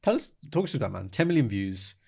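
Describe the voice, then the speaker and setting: A British man talking quickly in a relaxed podcast chat. He is playful and animated, and he keeps switching into other languages and doing little voices. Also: on the low side, gravelly, husky. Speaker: podcast co-host.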